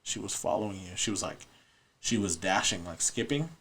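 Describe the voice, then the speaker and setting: A man's voice: sits low, moderate pace, gravelly, a bit bright, slightly rough. A man in his thirties, a podcast guest, telling a story in an earnest, matter-of-fact way in casual chat. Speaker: podcast guest, paranormal investigator.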